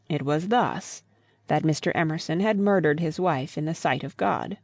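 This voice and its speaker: A woman narrating a classic novel as an audiobook in a calm, measured way. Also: low-pitched, no echo. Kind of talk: scripted narration.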